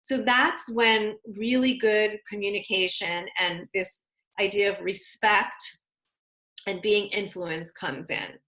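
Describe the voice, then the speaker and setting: A woman's voice: medium pitch, steady tone, slow, sharp tone. Woman teaching a relationship class, roomy echo. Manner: conversational, acts out spouses' quoted lines. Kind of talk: online class lecture.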